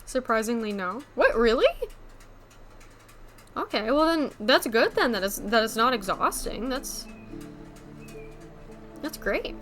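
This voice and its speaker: A woman streamer with a slight New England accent, chatting casually with her chat, rambling with lots of "like" and quick laughs. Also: on the high side, lively intonation, a bit bright, faint music behind.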